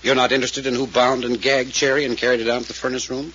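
An actor playing a businesslike detective in a 1940s radio drama, questioning a witness in a probing way. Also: male voice, mid-range voice, flat delivery, fast talker, fairly bright tone, close to an everyday voice. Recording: dull old radio recording, faint hiss.

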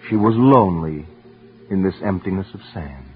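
A man giving earnest, intense first-person dramatic narration for a radio story, sometimes dropping to hushed tones. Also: deep voice, animated, normal speed. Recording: tinny old radio broadcast with faint music.

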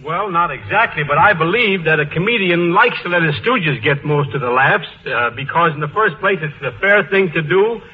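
A man's voice: on the high side, lively intonation, moderate pace, hardly any pauses, a little hiss or hum. Joking man on muffled old radio. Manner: joking, easygoing. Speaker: comedy writer. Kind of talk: old radio panel discussion.

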